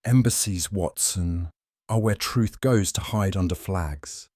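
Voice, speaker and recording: A man voicing a sharp, coolly observant detective who speaks in a crisp, measured, wry way. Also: sits low, no room sound, clean studio sound.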